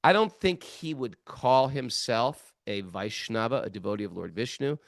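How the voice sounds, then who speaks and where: Lively older man telling a story. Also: medium pitch, normal speed, gravelly, no room sound, studio quality. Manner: animated, self-mocking storytelling with many fillers. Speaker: podcast host. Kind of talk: casual storytelling.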